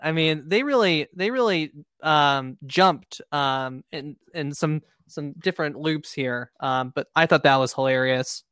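A man co-hosting a podcast, chatting casually in a relaxed, hesitant way with many fillers. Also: fairly high pitch, measured pace, few pauses, clear, resonant tone, no room sound. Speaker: podcast co-host. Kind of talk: casual chat.

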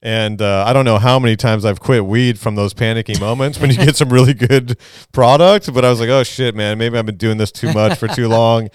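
A man's voice: medium pitch, fairly even intonation, fairly quick, few pauses, clear, resonant tone, no echo, studio quality. A middle-aged man, telling stories as a podcast guest in a loose, rambling way. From Southern California. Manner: laid-back, rambling, laughs through stories. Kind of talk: casual storytelling.

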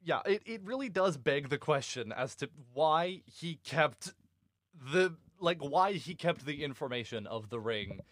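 A man hosting a casual book podcast, animated and swearing freely, often breaking into laughter. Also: a little high, measured pace, no echo, clean studio sound. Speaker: podcast host.

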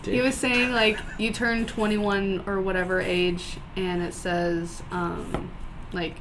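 A woman's voice: mid-range voice, flat delivery, slow. Giggly woman chatting over noise. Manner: giggly, lots of fillers. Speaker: friend in group chat. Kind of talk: casual chat.

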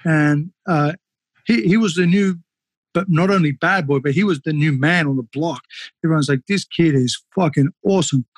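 A man, a former kickboxer, telling fight stories casually on a podcast, animated and swearing freely. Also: on the high side, moderate pace, no room sound. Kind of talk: casual storytelling.

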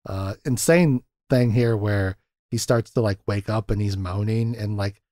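A man's voice: on the low side, unhurried, warm tone, no room sound, clean studio sound. A man hosting a podcast in casual film chat, laughing often and acting out scenes as he retells them. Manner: chatty, laughs often, acts out quotes from scenes. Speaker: podcast host.

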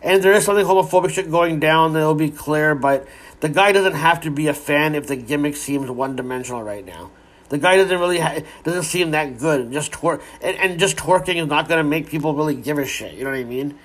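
A man's voice: fairly high pitch, fairly quick. Man rambling through a wrestling recap. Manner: rambling, frequent restarts and profanity. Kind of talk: casual spoken recap.

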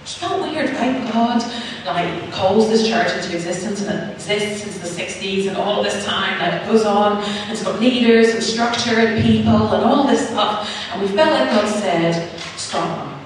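A woman's voice: medium pitch, normal speed, slight background noise. Female preacher, conversational testimony, distant mic in a reverberant church hall. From Northern Ireland. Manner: chatty storytelling, acts out quoted voices. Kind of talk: personal testimony in a sermon. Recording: echoey hall, mic far off.

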